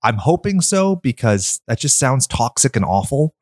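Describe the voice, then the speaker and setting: A man's voice: medium pitch, big pitch swings, moderate pace, a little mellow, no room sound, studio quality. A man hosting a podcast, chatting casually about films in a blunt, enthusiastic way and swearing freely. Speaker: podcast host. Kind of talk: casual film chat.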